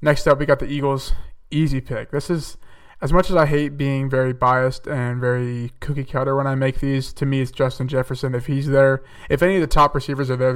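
A young man chats his way through football picks in a level, even tone, pausing on fillers and correcting himself as he goes. His voice is smooth and clear but sits a little back from the microphone. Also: mid-range voice, far from the mic. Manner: chatty, thinks aloud with fillers and self-corrections. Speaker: podcast host. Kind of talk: casual solo mock-draft commentary.

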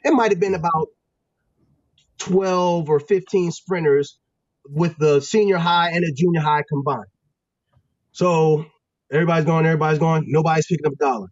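A man from Pennsylvania, a former football player and guest, telling stories in a casual, animated, slangy way with lots of restarts. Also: fairly high pitch, normal speed, long pauses, no room sound, lo-fi sound. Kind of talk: casual storytelling.

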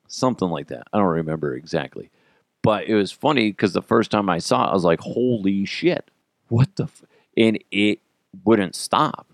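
Low gravelly-voiced man telling stories. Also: dry recording, clean studio sound. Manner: profane, animated, acts out quotes. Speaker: podcast host. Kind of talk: casual comedic storytelling.

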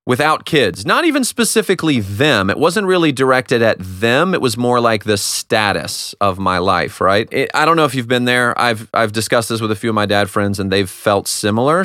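A man in his thirties hosting a reflective solo talk, candid and self-deprecating, with animated asides. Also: lowish voice, clear, resonant tone, no echo, studio quality. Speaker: podcast host.

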